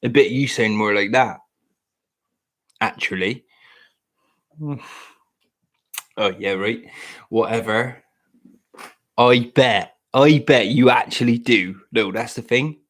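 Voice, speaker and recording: A man's voice: mid-range voice, slow, pauses often, fairly bright tone. West country guy bantering, lots of laughs, bit sweary. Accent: West Country English. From South West England. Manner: jokey, laughs often, swears. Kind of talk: casual banter.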